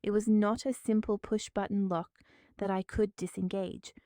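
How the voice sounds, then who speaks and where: Smooth, gravelly-voiced woman storyteller. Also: medium pitch, flat delivery, mellow, dry recording, clean studio sound. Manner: measured and formal. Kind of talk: first-person dramatic story narration.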